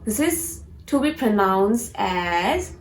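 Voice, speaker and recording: A woman teaching pronunciation, repeating each word slowly and deliberately for practice. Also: mid-range voice, very animated, roomy sound, low-quality recording. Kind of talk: pronunciation lesson.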